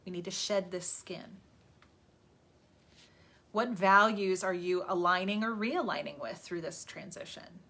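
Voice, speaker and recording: On an indoor livestream captured by a phone or webcam, a woman gives a rambling, chatty motivational talk and laughs at herself. Her voice is on the low side with a sharp tone, a little slow, with long pauses.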